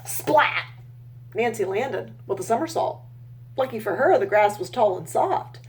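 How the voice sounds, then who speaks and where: A woman with a mid-range voice reads a children's picture book aloud a little slowly, using an expressive storytime delivery. She pauses to comment and ask her listeners questions.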